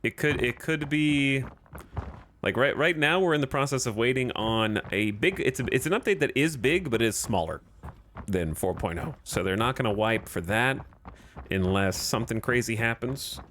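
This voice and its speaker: This gamer's mid-range voice has lively intonation and a slightly bright tone, moving at a moderate pace over slight background noise. He rambles and jokes casually with viewers on his live stream, often restarting what he's saying.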